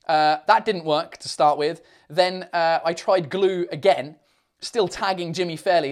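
A man's voice: high voice, normal speed, clear, resonant tone. Rambling, sweary male livestreamer. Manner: rambling, swears freely, self-mocking. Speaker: livestream host. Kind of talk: casual live chat reading comments.

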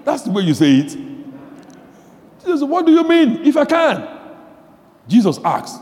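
A male pastor preaching a sermon, swinging from quiet asides to shouted emphasis, repeating phrases and asking the audience questions. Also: very high voice, very animated, moderate pace, pauses often, in a large hall.

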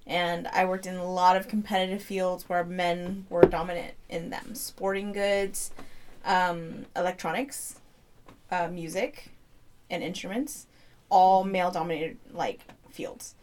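A woman's voice: fairly low pitch, steady tone, a little slow, a little mellow, a little hiss or hum. Thirties woman on a podcast, swears a lot, blunt, does little voices for quotes. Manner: blunt, swears freely, acts out quotes animatedly. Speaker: podcast co-host. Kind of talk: casual chat.

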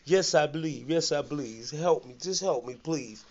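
A man's voice: on the high side, moderate pace, darkish tone. A man voicing a desperate man hanging from a cliff, pleading frantically, in a lo-fi recording.

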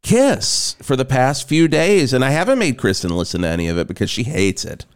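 A man co-hosting a rock music podcast, talking in an animated, jokey, swearing casual chat. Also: mid-range voice, brisk, clear, resonant tone. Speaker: radio podcast co-host.

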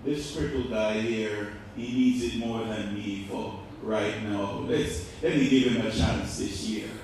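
A male pastor preaching a sermon, asking the congregation rhetorical questions and swinging between loud and quiet. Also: on the low side, steady tone, unhurried, slight background noise. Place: church. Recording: echoey church hall, mic far off.

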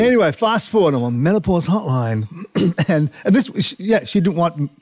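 A middle-aged man, a marine scientist telling stories as a guest, animated and often laughing. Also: fairly high pitch, normal speed, slight background noise. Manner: animated, laughs often, restarts mid-phrase. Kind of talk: casual storytelling chat.

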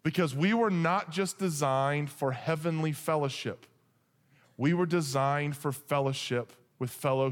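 A man preaching a sermon, telling a humorous story with lively asides and then reading scripture. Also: fairly high pitch. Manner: animated, joking, shifts into acted voices for characters. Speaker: pastor. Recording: long hall reverb.

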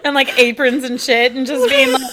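A woman's voice: high voice, big pitch swings, normal speed. A woman co-hosting a casual chat, laughing and slipping into silly quoted voices. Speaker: podcast co-host. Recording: loud background noise.

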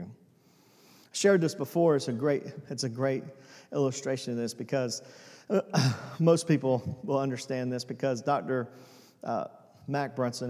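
A man preaching a sermon as pastor, swinging between hushed and loud passages. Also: mid-range voice, big-room sound.

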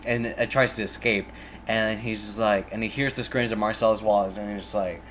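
A man's voice: lowish voice, fairly even intonation, brisk, a bit bright, slight background noise. Rambling, profane young man, muffled. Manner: rambling, profane, full of "like" and restarts. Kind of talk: casual movie retelling. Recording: muffled lo-fi recording.

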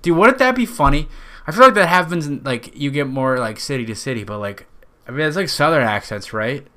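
A man's voice: medium pitch, animated, brisk, sharp tone. A man with a nasal Western New York accent, hosting a podcast in a rambling, profane, jokey monologue. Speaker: podcast host.

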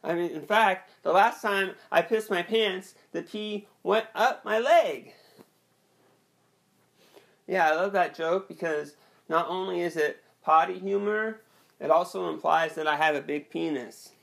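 Young male comic, slightly high voice, slow halting deadpan set. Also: vocal fry. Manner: hesitant, rambling, deadpan delivery with many restarts. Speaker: stand-up comedian. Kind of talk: awkward self-deprecating stand-up set.

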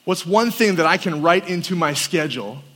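A man's voice: fairly high pitch, expressive, moderate pace, fairly bright tone. A man, a campus pastor, preaching a sermon and telling stories, animatedly acting out the quotes. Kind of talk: sermon with storytelling. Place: large hall at a winter camp. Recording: long reverb of a hall.

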